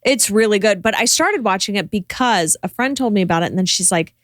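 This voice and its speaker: A woman co-host in casual podcast chat. She tells a story animatedly and fills it with "like" asides. Her voice sits at a middle pitch and sounds dry and close, with no room echo. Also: expressive, brisk.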